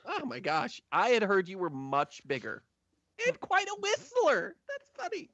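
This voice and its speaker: A man's voice: high voice, measured pace, dry recording, pitched above the performer's own voice, full character voice. A man voicing a chatty, starstruck female desk clerk who gushes over the visitors, in a dull, dry recording. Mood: gushing. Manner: gushing, excitable.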